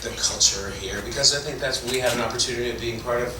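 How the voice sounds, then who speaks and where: With a medium-pitched voice and a fast delivery, a middle-aged Toronto man, an actor, shares rambling, self-deprecating stories on a convention panel. The sound is distant and echoey, with background noise from the hall.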